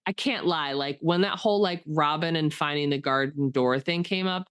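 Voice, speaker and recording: A chatty woman with a fairly low voice co-hosts a casual podcast. She rambles, leaning on fillers, and turns emotional and enthusiastic as she talks. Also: normal speed, fairly bright tone, clean tone. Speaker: podcast co-host. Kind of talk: casual chat.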